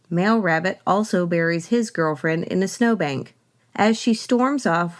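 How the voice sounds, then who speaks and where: Wry woman podcast host. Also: lowish voice. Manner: wry, sarcastic asides. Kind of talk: scripted podcast commentary.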